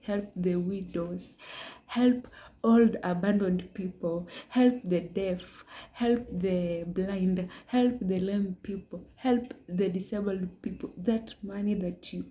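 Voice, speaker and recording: A young woman giving an earnest personal testimony, often dropping into hushed half-whispers. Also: medium pitch, fairly even intonation, slow pace. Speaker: vlogger sharing a religious message.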